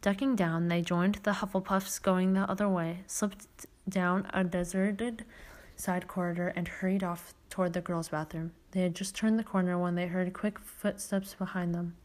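A woman's voice: lowish voice, little pitch movement, normal speed, darkish tone. A woman hosting a podcast, reading a children's novel aloud, with occasional stumbles and self-corrections. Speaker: podcast host reading a story.

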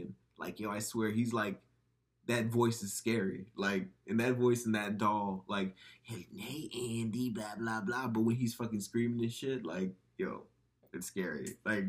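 Young male co-host, low voice, loose profane movie chatter. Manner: profane, rambling, animated storytelling with acted quotes. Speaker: podcast co-host. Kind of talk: casual movie chat.

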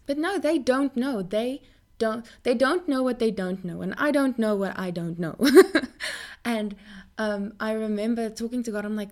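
A young woman speaking earnestly in a Christian faith talk to her viewers, often repeating words as she goes. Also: moderate pace. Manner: animated pitch jumps.

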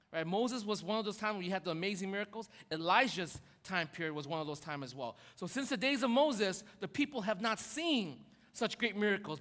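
A man preaching a sermon, telling the story in a lively, animated way and acting out quotes with sudden swings in loudness. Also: high-pitched. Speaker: pastor. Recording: long hall reverb.

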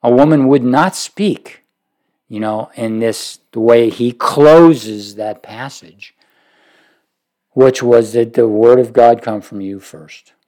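A man delivering a sermon in a mid-pitched voice. He presses his points with sudden forceful rises, then drops to quiet, low asides. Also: slow. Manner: emphatic, rising to forceful peaks then dropping low. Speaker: preacher.

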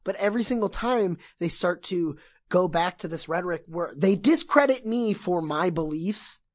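A man talking as a podcast guest in casual chat, impassioned and excitable, swearing often. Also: sits high, normal speed, no room sound.

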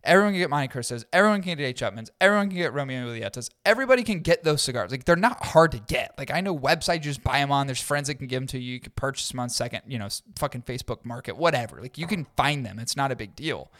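A man's voice: mid-range voice, expressive, quick pace, hardly any pauses, a bit bright. A blunt man co-hosting a podcast, talking in loose casual chat and swearing freely. His voice sits in a middle range. The sound is dry and close, with no room echo. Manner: blunt, swearing, mocks people in put-on voices. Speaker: podcast co-host.

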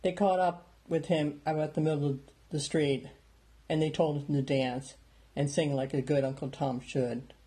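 Mellow-voiced male storyteller. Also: fairly high pitch, moderate pace. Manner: plain steady reading, small lifts for dialogue. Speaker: narrator. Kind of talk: audiobook narration.

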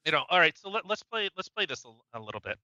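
A man co-hosts a podcast, ranting heatedly and profanely, often stumbling and restarting his sentences. His voice sits high, swings widely and sounds very sharp and bright. The recording is dry and a little dull and lo-fi. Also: sing-song, fast, no echo. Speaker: podcast co-host. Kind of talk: casual political rant.

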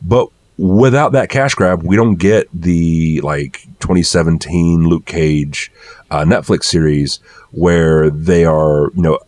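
A man's voice: low voice, fairly even intonation, slow, a little mellow, no room sound. A man in a casual podcast discussion, explaining social theory at length with plenty of fillers and restarts. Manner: thoughtful, explanatory, with many fillers.

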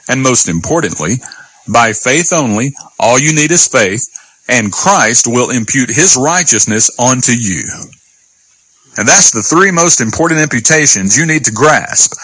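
Guy preaching on radio, emphatic, bright and a bit husky, dry sound. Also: mid-range voice, dry recording, poor audio. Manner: emphatic, slow scripture reading. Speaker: radio Bible teacher. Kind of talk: radio sermon.

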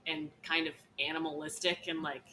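A woman's voice: deep voice, flat delivery, a little fast, pushed and bright, low-quality recording. A woman co-hosting a casual film chat, chatty with many fillers, with faint background noise. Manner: chatty, filler-heavy, laughs often. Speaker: podcast co-host.

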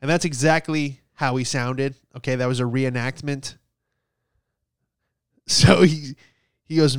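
A man's voice: mid-range voice, measured pace, pauses often, smooth, no echo, studio quality. A man telling a sarcastic comedic story, exasperated and swearing casually.

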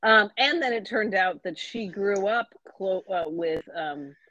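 A young woman co-hosting a book podcast, casually recapping a plot with relaxed fillers. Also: medium pitch, unhurried, no echo. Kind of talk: casual chat. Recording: slightly dull, lo-fi sound.

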